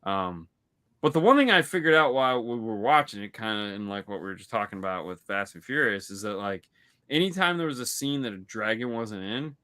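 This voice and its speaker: A man's voice: mid-range voice, animated, a little fast, sharp tone, smooth. A man co-hosting a podcast, chatting casually about movies and telling rambling stories with lots of restarts. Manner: rambling, full of restarts and storytelling. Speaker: podcast co-host. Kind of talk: casual movie-review chat.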